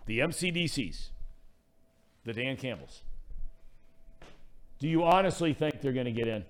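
An American man hosting a casual sports talk show, joking and excitable, with frequent restarts. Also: medium pitch, a little slow. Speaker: sports radio host.

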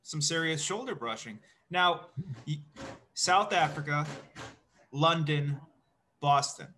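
A man hosting a podcast, asking questions with dry, deadpan jokes. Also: fairly high pitch, slow, slight background noise. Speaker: podcast host. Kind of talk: casual interview chat.

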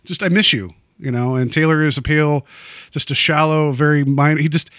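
A man hosts a podcast in casual, rambling chat full of fillers and restarts. His voice is fairly high, bright, clear and resonant, with fairly even intonation and a slightly fast pace, recorded in clean studio sound without echo.

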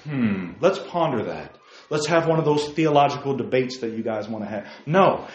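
A man leading a Bible study in a fiery preaching style, emphatic, firing off rhetorical questions and leaping to near-shouts. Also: medium pitch, expressive, moderate pace. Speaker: Bible teacher. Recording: roomy, dull lo-fi sound.

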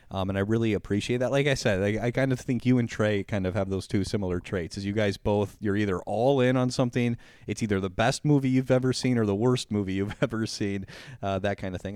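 A man co-hosting a podcast in casual chat, animated and laughing often as he acts out quotes. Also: mid-range voice, no echo, clean studio sound. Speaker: podcast co-host.

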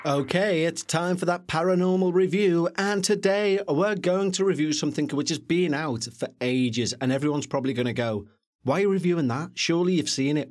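A man co-hosting a podcast, reviewing a film in a chatty, jokey, animated way. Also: on the high side. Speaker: podcast co-host. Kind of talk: casual film review chat.

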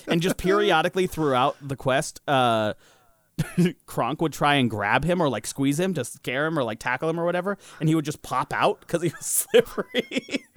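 A man's voice: on the high side, wildly swooping pitch, moderate pace. A young man hosting a podcast, telling a story in a loose, casual way, swearing freely and often laughing. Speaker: podcast host.

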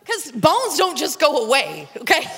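A woman pastor preaching a sermon, telling a story with dramatic, animated delivery. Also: high-pitched, a little slow. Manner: animated, dramatic retelling with acted-out prayers and voices. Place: church sanctuary. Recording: long church reverb.

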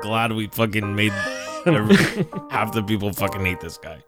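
Blunt foul-mouthed male player, lowish voice, music behind. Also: animated, normal speed. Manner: blunt, swears a lot. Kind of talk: casual tabletop play.

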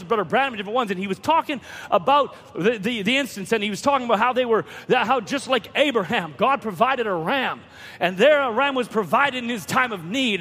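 A man preaching a sermon, telling a story with repeated words and rising to shouts at key points. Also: very high voice. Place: church hall. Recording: long reverb of a church hall.

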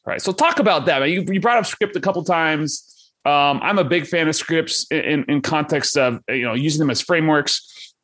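A man's voice: on the high side, moderate pace, fairly bright tone. A man hosting a podcast interview who talks casually and often repeats words while gathering his thoughts. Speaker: host.

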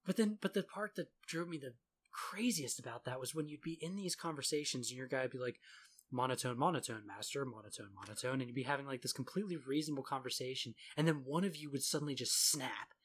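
A man's voice: medium pitch, fast, breathy edge. A man in casual chat about a video game, sarcastic and laughing often as he mocks the characters' lines.

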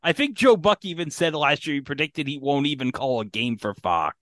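A man's voice: fairly high pitch, expressive, moderate pace, fairly bright tone, no echo. A man co-hosting a podcast in casual chat, joking and quizzing his co-host.

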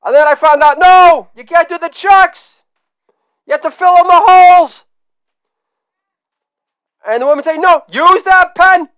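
A man's voice: a little slow, long pauses, no echo. Male podcast host, middle-aged, brash and crude, drawling delivery, dry close sound. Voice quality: swings from low mumbled asides to loud catchphrase shouts. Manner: brash, crude, repeats catchphrase shouts. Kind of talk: absurdist deadpan comedy monologue.

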